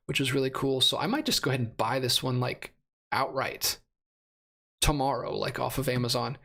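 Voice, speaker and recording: A man's voice: medium pitch, a bit bright. A man in his thirties hosting a casual live stream, rambling and correcting himself as he reads out chat comments, his voice a little worn. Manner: rambling, self-correcting, laughs often. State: losing his voice. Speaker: host of a live stream about movie releases.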